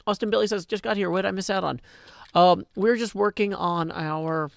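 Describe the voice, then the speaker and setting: A man hosting a casual livestream, talking in a halting way full of ums and likes and cheerfully reading out viewer tips. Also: high-pitched, vocal fry, no room sound, clean studio sound. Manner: reads viewer tips aloud, upbeat. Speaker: livestream host.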